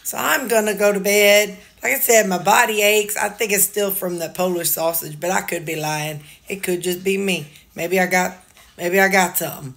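A woman's voice: medium pitch, fairly even intonation, moderate pace, fairly bright tone. Rambling woman. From Missouri. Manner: rambling, many fillers and asides. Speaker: vlogger. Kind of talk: casual chat to camera. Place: her home.

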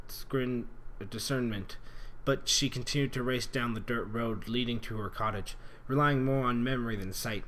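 A man's voice: medium pitch, slight background noise. A man reading fan fiction aloud in an earnest, dramatic way, stumbling over words and rereading lines. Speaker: reader.

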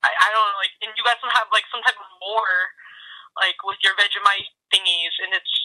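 A woman's voice: mid-range voice, steady tone, a little fast, sharp tone, rough recording. An American woman calling in by phone, chatting playfully and giggling with teasing remarks. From United States. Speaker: guest on phone. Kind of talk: casual phone chat. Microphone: phone call.

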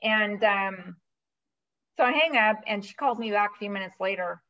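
A woman guest speaking as a financial advisor, telling a long story in a chatty, animated way with many fillers. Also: mid-range voice, normal speed, muffled recording. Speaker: guest, virtual CFO. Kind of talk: casual storytelling interview.

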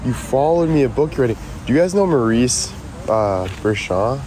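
A man live streaming as he walks outside, chatting with viewers in an excitable, profane way. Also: mid-range voice, normal speed, low-quality recording. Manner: profane, excitable, talks to chat. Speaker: livestreamer. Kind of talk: casual live stream chat. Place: outdoors near a road. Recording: outdoor street noise.

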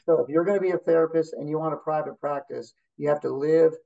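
A man's voice: a little high, fairly even intonation, fast, gravelly, mellow, lo-fi sound. A man, a therapist guest, talking bluntly and telling stories in a casual interview. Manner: blunt, storytelling, competitive.

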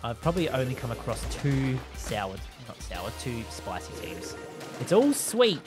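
A live game streamer giving excitable commentary while playing, laughing and taunting opponents and chatting with viewers. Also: medium pitch, normal speed. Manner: chats with viewers and thanks them. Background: game music.

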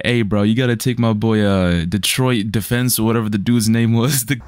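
A man's voice: on the low side, steady tone, normal speed, darkish tone, smooth. A young man hosting a reaction video, rambling in casual profane slang. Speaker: reaction channel host.

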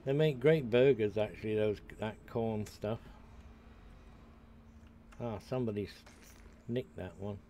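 A man's voice: lowish voice, a little slow, pauses often, dark tone, a little hiss or hum. An older British man streaming a game, chatting to his viewers and rambling to himself as he plays. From United Kingdom. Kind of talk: casual gameplay commentary.

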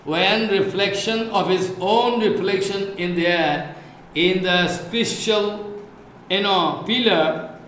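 A man's voice: sits high, takes it slowly, a bit bright. Indian-accented male teacher, emphatic and repetitive, echoey room with faint noise. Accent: Indian English. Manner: repetitive, emphatic, recites Sanskrit verses. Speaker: spiritual teacher. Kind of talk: devotional scripture lecture.

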